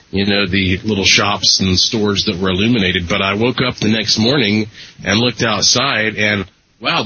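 A man's voice: fairly low pitch, pushed and bright, slightly rough. A man hosting a casual talk show, rambling with fillers and self-deprecating humor. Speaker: podcast host. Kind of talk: casual chat. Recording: dull lo-fi recording.

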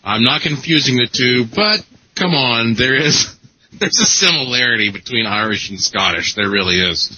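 Bright, husky-voiced male radio host. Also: medium pitch, animated, moderate pace, dry recording. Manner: chatty, laughs, rambles with restarts. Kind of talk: casual radio chat. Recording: muffled broadcast audio.

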